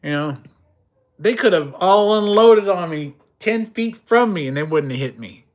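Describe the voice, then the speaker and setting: A middle-aged man hosting a casual livestream, his voice sitting a bit high for a man. He talks tough and boastful, swears freely, and rambles through stammered restarts and short chuckles. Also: lively intonation, unhurried. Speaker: livestream host.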